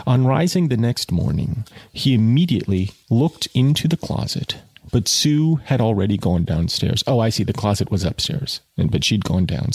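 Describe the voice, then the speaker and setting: Brief: man reading fiction aloud, casual asides, gravelly, husky voice. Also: mid-range voice, animated, moderate pace, a little mellow, no echo. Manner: wry asides, conversational.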